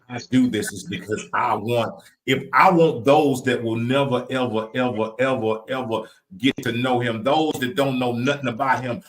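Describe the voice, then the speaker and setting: A man's voice: mid-range voice, slight background noise, low-quality recording. A man with a Southern US accent co-hosting a live podcast, talking in a repetitive, preacher-like cadence. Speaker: podcast co-host.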